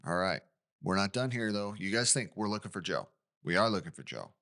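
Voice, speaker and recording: Brief: male co-host, low bright voice, animated casual true-crime storyteller. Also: fairly quick. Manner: recounts the case conversationally with asides and questions. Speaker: podcast co-host.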